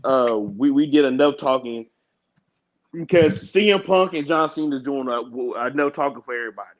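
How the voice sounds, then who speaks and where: A man co-hosting a wrestling podcast, ranting in a casual, profane way that climbs higher when he gets heated. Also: moderate pace, muffled recording. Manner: animated, profane, rants and rises in pitch when heated. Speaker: podcast co-host.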